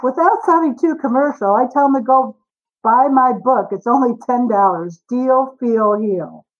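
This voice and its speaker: A woman in her forties, a guest author on a podcast interview, telling stories with lively acted-out dialogue. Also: fairly high pitch, normal speed, muffled recording. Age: 40s. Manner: animated storyteller, acts out dialogue.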